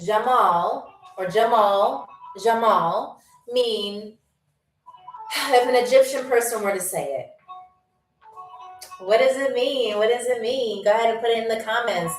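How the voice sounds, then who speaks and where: Hosting a live-stream quiz show, a woman speaks at normal speed with frequent pauses, her voice on the high side with a darkish tone. She teases while reading viewer comments, stifles laughter, and greets people flight-attendant style; the mic is distant and roomy with faint music behind.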